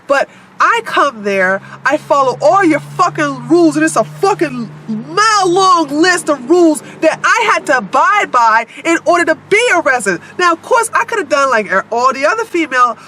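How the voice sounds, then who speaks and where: A high-pitched woman delivers a vlog monologue, her voice very animated and bright. She speaks bluntly and swears emphatically. She addresses her viewers directly. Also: normal speed, hardly any pauses, a little hiss or hum. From United States. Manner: blunt, heavily profane, emphatic. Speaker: vlogger.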